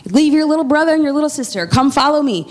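A woman voicing Jesus as a relaxed, matter-of-fact man giving short commands while she retells a story. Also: sits high, fast talker, pitched above the performer's own voice. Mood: urging. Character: calm unbothered male teacher, Jesus.

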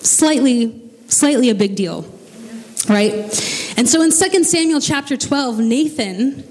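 A woman's voice: high voice, lively intonation, measured pace, a little mellow. A woman preacher delivering a sermon, telling the story with casual, joking asides. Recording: long reverb of a large hall.

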